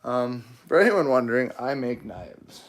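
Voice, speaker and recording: A man's voice: medium pitch, big pitch swings, unhurried, slight background noise. A man hosting a livestream of his knife-making shop, chatting easygoing and joking with viewers as he answers their comments. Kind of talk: casual live chat answering viewer comments.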